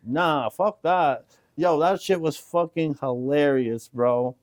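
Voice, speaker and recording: A man hosting a casual podcast chat, talking in an animated, profane, rambling way. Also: on the high side, takes it slowly, crowd noise. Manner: animated, profane, loud mimicking of others. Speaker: podcast host.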